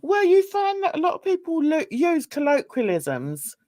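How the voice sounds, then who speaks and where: A woman's voice: high-pitched, huge pitch swings, normal speed, dark tone, no room sound, studio quality. An older woman hosting a casual livestream chat, rambling and laughing often. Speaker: host.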